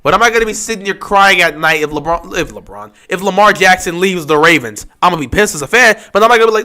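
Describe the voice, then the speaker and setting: A man chats loosely through a live football stream, reacting to plays and poking fun at fans. His voice sits high for a man and rings bright and forward. He slips into whiny put-on voices to mock others. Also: quick pace. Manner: animated, mocking with high whiny impressions of upset fans.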